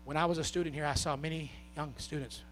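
A man preaching a sermon with a Southern US accent, swinging from shouted, half-sung peaks down to soft, low talk. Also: steady tone, fast, a little hiss or hum.

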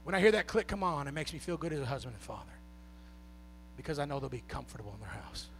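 A man preaching a sermon with a Southern US accent, swinging from shouted, half-sung peaks down to soft, low talk. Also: fast talker, background noise.

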